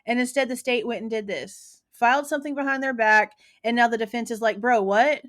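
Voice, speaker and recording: A woman's voice: on the high side, brisk, fairly bright tone. A woman hosting true crime commentary, talking casually in a slangy, emphatic, opinionated way.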